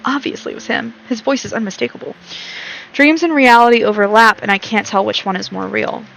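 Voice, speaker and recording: A woman's voice: a little high, steady tone, brisk, vocal fry, a bit bright, low-quality recording. A young woman streaming a game, reading its text aloud and breaking off into chatty, rambling commentary with frequent laughs.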